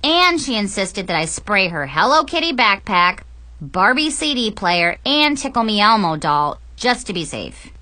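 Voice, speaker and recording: A young woman narrates a funny first-person story with a clear, bright tone. Her pitch leaps and dips with every comic turn. She takes her time, letting each line land. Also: sing-song, measured pace. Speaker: audiobook narrator.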